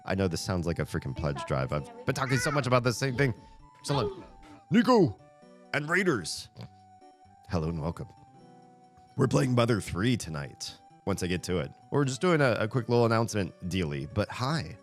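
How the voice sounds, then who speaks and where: A male streamer with a very deep voice talks casually to his viewers. He rambles and leans on filler words as he goes. Quiet music plays softly in the background. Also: big pitch swings, normal speed. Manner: rambling and chatty, full of "like" fillers. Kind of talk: casual live-stream chat.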